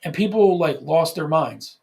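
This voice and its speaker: A man chatting on a podcast with a rough, gravelly edge to his voice. He talks in animated bursts, swears freely and often restarts his sentences. His voice sits a little higher than most men's. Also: measured pace. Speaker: podcast co-host. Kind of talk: casual podcast chat.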